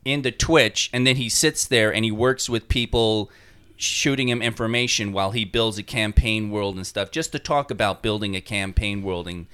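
New York guy co-hosting a chat show, clear resonant voice, eager, filler-heavy explainer. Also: on the low side, normal speed, bright, forceful tone. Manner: rambling, enthusiastic explainer with many fillers. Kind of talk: casual chat.

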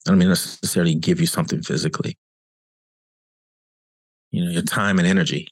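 Here a cancer coach who hosts a podcast speaks earnestly and conversationally, giving a reflective motivational monologue and often repeating himself for emphasis. His low voice is brisk and steady in tone, and the recording is dry.

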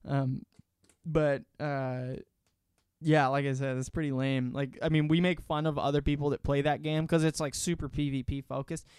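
Young man, casual rambler, swears easily; smooth, fairly high voice; dry recording. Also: level tone, moderate pace, a little mellow, no echo. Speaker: student chatting with a friend. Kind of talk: casual chat.

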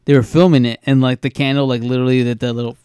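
A man co-hosting a podcast, telling stories in an animated, sarcastic way full of swearing. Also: medium pitch, very fast, clean tone, no room sound, studio quality. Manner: animated, sarcastic, profane storyteller. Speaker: podcast co-host. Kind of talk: casual chat.

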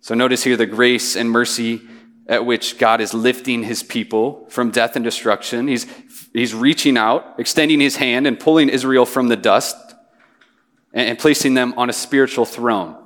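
A man's voice: medium pitch, fairly even intonation, normal speed, fairly bright tone. Earnest young man preaching in a hall. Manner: earnest, repeats words when restarting. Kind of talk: sermon with scripture reading. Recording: hall reverb.

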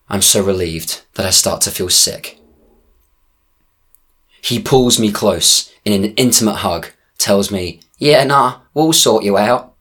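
A man performing spoken-word poetry in a slow, deliberate, dramatic delivery. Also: lowish voice, a bit bright.

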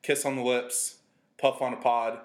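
A man's voice: medium pitch, flat delivery, a little slow, roomy sound. A man co-hosting a podcast in casual chat, joking and teasing his friend, laughing often and swearing casually. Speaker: podcast co-host.

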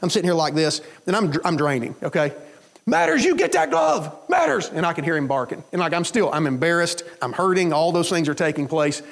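Fast-talking man preaching a sermon. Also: on the high side. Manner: animated storytelling with quoted voices. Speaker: pastor.

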